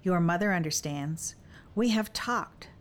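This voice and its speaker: A bold young warrior woman with an old-fashioned turn of phrase, fierce and teasing by turns, as a woman reading an audiobook gives her voice. She speaks with steady, affectionate resolve. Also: fairly low pitch, a little slow, clear, resonant tone, lightly acted. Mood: determined. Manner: archaic, bold and playful. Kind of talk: audiobook dialogue.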